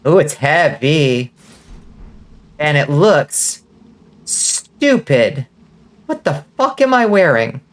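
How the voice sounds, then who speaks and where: A woman with a faint Southern accent and a slight lisp, giving casual gaming commentary while enunciating clearly. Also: sits low, sing-song, takes it slowly, long pauses. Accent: subtle Southern US. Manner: clear enunciation, swears and laughs often. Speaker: vtuber streamer.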